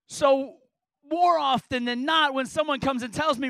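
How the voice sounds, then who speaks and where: A man's voice: extremely high pitch, fairly even intonation, measured pace, pushed and bright, no room sound, low-quality recording. A man preaching a sermon as a pastor, earnest and emphatic, driving points home with repeated rhetorical questions.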